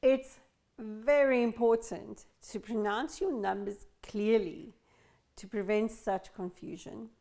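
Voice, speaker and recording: A woman from Tunisia leads an English lesson for learners. She speaks slowly and carefully, stressing each sound clearly, and her voice sits a little high. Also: dark tone. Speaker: English teacher.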